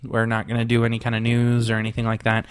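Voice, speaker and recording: Casual male podcast host, mid-pitched, playful banter. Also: completely flat delivery, fast, clean tone. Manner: playful, joking, then earnest.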